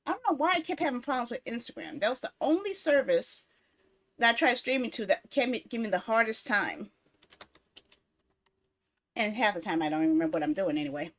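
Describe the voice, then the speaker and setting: A woman streamer in casual live-stream chat, rambling and talking to herself as she fiddles with apps, quick to get exasperated and swear. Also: fairly high pitch, expressive.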